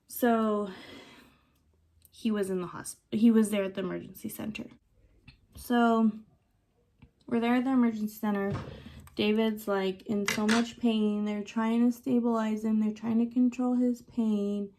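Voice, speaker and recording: A young woman tells a personal story in a casual, animated way, acting out the dialogue and leaning on "like" and "you know." Her voice sits a touch high. Its tone is soft and mellow rather than bright. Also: normal speed, pauses often. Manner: animated, talks in quoted dialogue, lots of "like". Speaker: beauty vlogger. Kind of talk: casual storytelling while doing lash extensions.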